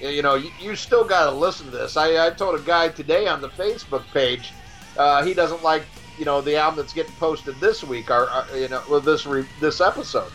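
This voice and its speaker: A man co-hosting a podcast in casual chat, talking excitably with stammering restarts and plenty of swearing. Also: fairly high pitch, fairly quick, faint music behind. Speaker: podcast co-host.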